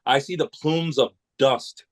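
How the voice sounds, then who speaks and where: A New England man guesting on a podcast rambles through long, casual anecdotes, often restarting his sentences. His voice is mid-range and a little slow, and the recording is rough.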